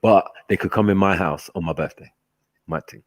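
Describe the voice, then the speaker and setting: A man telling stories in a casual chat, animated and slangy, laughing often. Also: sits low, moderate pace, no echo. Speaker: host.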